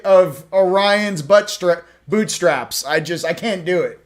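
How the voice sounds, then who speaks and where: A male host giving a casual oracle card reading, with sarcastic joking asides and slow, emphatic stresses on the card words. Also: high-pitched.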